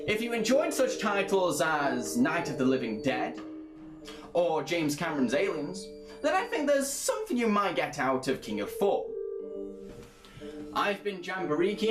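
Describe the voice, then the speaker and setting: Lively critical male reviewer. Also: on the high side. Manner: opinionated, critical. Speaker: anime reviewer. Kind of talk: scripted review narration.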